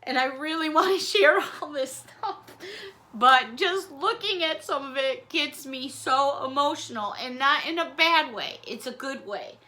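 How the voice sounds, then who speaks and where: Lady vlogger opening mail, high bright voice, slow and gushy, kinda teary. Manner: emotional, gushing, apologetic, chatty with little laughs. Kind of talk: casual chat to camera.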